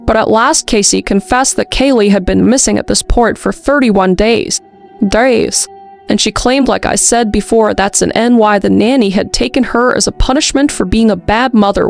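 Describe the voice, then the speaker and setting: A woman's voice: on the high side, vocal fry. A young adult woman hosting a podcast, telling a true-crime story in a casual, chatty way with snarky asides and lots of "like.". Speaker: podcast host.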